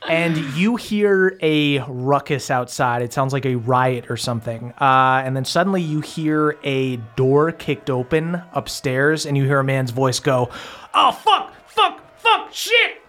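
A man's voice: mid-range voice, unhurried, few pauses, a bit bright. A man as game master, casually narrating a tabletop game with many fillers and the odd curse.

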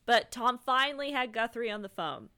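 A woman's voice: fairly high pitch, animated, moderate pace, bright, forceful tone. A woman co-hosting a podcast, telling a history story in casual chat and laughing often. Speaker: podcast co-host.

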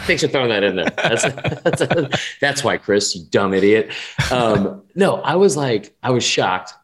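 A man's voice: fairly low pitch, expressive, normal speed, fairly bright tone. A young man co-hosting a casual sports betting podcast, talking in a rambling, profane way full of restarts and fillers. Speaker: podcast co-host.

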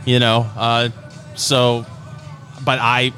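A man with a Michigan accent co-hosts a relaxed talk show. His voice is bright and clear, and he keeps his replies easygoing and good-humored. Faint music sits in the background. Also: medium pitch, very slow. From Michigan, USA. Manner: easygoing, laughs often, short replies. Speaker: podcast co-host. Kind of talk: casual chat.

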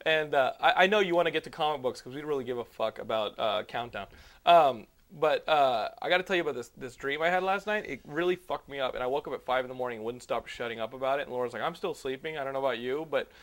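A man's voice: mid-range voice, a bit bright. A young man hosting a podcast, telling a long story in a rambling, profane way and acting out the dialogue. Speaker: podcast host. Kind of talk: casual podcast chat.

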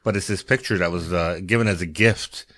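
Male co-host, low voice, wry conversational storyteller. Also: a little fast, a bit bright. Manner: wry anecdotes, acts out both sides of a dialogue. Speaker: podcast co-host. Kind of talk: casual chat.

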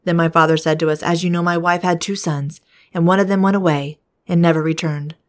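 A woman's voice: on the low side, fairly even intonation, brisk, natural voice. A woman reading as Judah, a pleading grown man. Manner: earnest, pleading read-aloud delivery.

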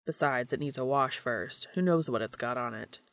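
A woman's voice: extremely low pitch, moderate pace, no echo, clean studio sound, pitched below the performer's own voice. Woman voicing a wry, joking man.

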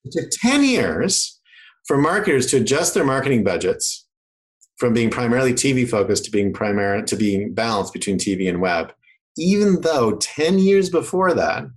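A medium-pitched man speaks at a moderate pace in a slightly rough voice, explaining marketing casually on a low-quality recording. He's from Canada, with a mostly faded accent, and animatedly acts out the voices he quotes.

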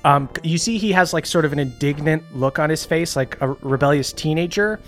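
A woman narrating a tabletop game as game master, in a relaxed, chatty way with plenty of fillers. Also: low-pitched, brisk, soft background music.

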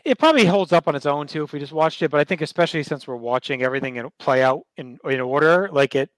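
Slightly high-voiced man in casual chat. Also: quick pace, no echo. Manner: relaxed, conversational commentary with fillers. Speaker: podcast co-host.

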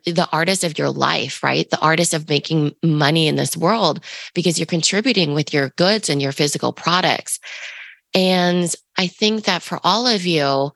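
A woman with a raspy voice, co-hosting a podcast, talking in a rambling, coaching way with many fillers. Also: low-pitched, unhurried, a bit bright, no echo. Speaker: podcast co-host. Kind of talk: casual podcast monologue.

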